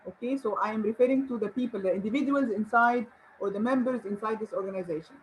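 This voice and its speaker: A woman's voice: on the high side, quick pace, a little hiss or hum, low-quality recording. Encouraging woman teaching grammar. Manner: encouraging, rhetorical questions and praise. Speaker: English teacher. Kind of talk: online grammar lesson.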